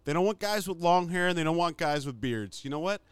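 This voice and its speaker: A man's voice: a little high, expressive, brisk, clear, resonant tone, no echo. Joking, rambling male podcaster. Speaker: podcast co-host. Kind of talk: casual podcast banter.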